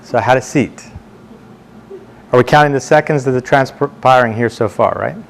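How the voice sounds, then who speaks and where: A man speaking to a board meeting, telling anecdotes in a halting way, repeating words and slowing down for emphasis. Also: mid-range voice, vocal fry, slight background noise. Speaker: board member addressing the board. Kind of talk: storytelling speech to a meeting. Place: meeting room, speaking standing before a group.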